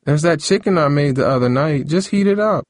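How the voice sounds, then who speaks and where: A man voicing a tired young aunt looking after a teething baby, talking in a raised, brisk voice. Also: a little high, lively intonation, dry recording, clean studio sound, voice pushed up, lightly acted. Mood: weary. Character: weary young aunt, hair stylist, caring for baby.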